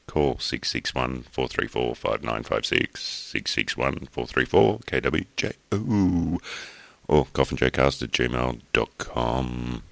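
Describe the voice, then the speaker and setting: A man's voice: extremely low pitch, expressive, slow pace, creaky, fairly bright tone, no room sound. A man co-hosting a podcast in casual chat, joking and laughing often. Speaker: podcast co-host.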